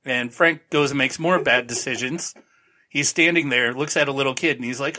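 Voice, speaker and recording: A man's voice: medium pitch, normal speed, sharp tone. A male podcast host giving a rambling, sarcastic, casual recap of a TV show.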